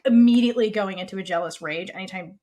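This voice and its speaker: A woman co-hosting a podcast in casual chat, retelling scenes with lively acted-out lines and casual swearing. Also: medium pitch. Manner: animated, acts out characters' lines in quick voices. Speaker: podcast co-host. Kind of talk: casual chat recapping a TV series.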